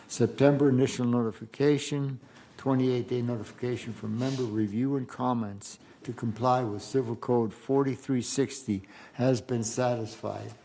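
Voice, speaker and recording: A board director reading a formal resolution into the record in a measured way. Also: male voice, medium pitch, steady tone, warm tone, poor audio. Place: boardroom meeting.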